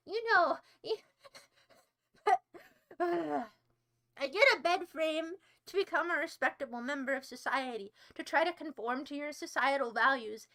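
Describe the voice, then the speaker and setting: A woman with a very high, bright, sharp-edged voice chats to her livestream audience. She talks in playful, mock-offended rants, spinning exaggerated silly tangents as she banters with viewers. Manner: playful mock-indignant ranting. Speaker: livestream host. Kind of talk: casual livestream chat with viewers.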